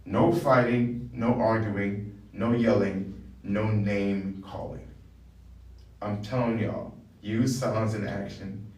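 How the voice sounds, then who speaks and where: A man's voice: on the low side, steady tone, slow pace, darkish tone, distant mic. Blunt, preachy male wellness coach, recorded off-mic in an echoey room. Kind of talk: motivational monologue. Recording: roomy, from off the mic.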